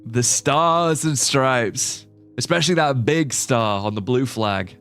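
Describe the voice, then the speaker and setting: Speaking slowly in a slightly bright, mid-range voice, a young man chats on a live stream while playing a game. He rambles and thinks aloud, leaning on fillers, with faint music in the background.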